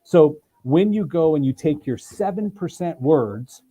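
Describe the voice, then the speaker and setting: A man's voice: on the high side, measured pace, muffled recording. A man, a sales trainer, explaining with energy and emphasis as an interview guest on a video call. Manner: energetic, emphatic, acts out examples in voices. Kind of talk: interview guest, animated teaching.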